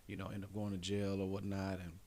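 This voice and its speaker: Male comedian guest, casual animated storyteller, does the voices of people in his stories. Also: low voice, fairly quick, creaky. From Detroit. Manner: animated, acts out quotes in raised voice.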